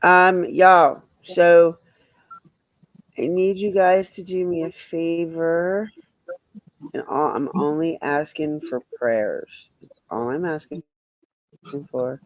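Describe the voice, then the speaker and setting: A man's voice: fairly high pitch, steady tone, slow pace, long pauses, no echo, rough recording. A man chatting bluntly with viewers on a livestream, rambling and swearing freely. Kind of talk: casual livestream chat answering viewers.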